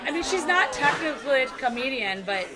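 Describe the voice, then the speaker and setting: A woman coach in a casual interview, answering quickly and joking. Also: high voice, big pitch swings. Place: busy restaurant. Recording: loud restaurant crowd. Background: loud crowd chatter.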